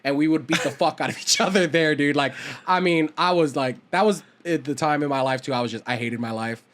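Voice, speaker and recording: A man's voice: fairly high pitch, fairly quick. A young man co-hosting a casual podcast, telling school stories with lots of swearing and acted-out quotes. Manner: animated, swears a lot, acts out quoted voices. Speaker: podcast co-host. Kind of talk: casual chat, storytelling.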